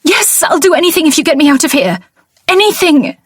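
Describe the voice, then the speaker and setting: A man's voice: extremely high pitch, sing-song, fairly quick, fairly bright tone, no echo, studio quality, pitched above the performer's own voice, exaggerated voice. A man voicing a desperate young woman captive. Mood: desperate pleading. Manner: pleading, frantic, then bitter. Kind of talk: audiobook character voice.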